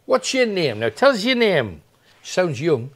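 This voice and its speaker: At night inside an old building, a paranormal investigator host persistently questions the spirits, shifting from coaxing to demanding. He has a high voice with huge pitch swings and talks at normal speed.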